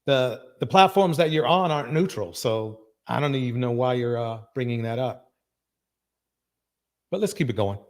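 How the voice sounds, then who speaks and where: A man hosting a live reaction stream. He talks with emphasis, repeats his phrases and breaks into loud bursts of agreement. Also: medium pitch, moderate pace. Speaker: livestream reaction host.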